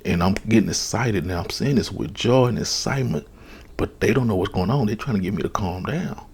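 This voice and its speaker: Breathy low-voiced man telling a testimony. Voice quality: very breathy, soft voice. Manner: slow, hushed, earnest retelling. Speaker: storyteller. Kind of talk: ASMR testimony.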